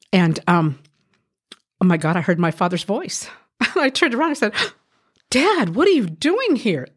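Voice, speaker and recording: A woman recounts her hard past in an earnest, heartfelt testimony, her voice sitting a little low. She talks haltingly, with frequent pauses and restarts as she works through painful memories. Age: adult. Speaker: guest sharing her life testimony. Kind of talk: emotional personal testimony.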